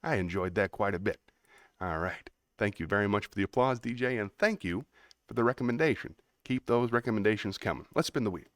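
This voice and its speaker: A man's voice: fairly low pitch, lively intonation, a little fast, a bit bright. A man hosting a live stream, chatting upbeat with viewers and laughing between performances. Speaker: livestream host.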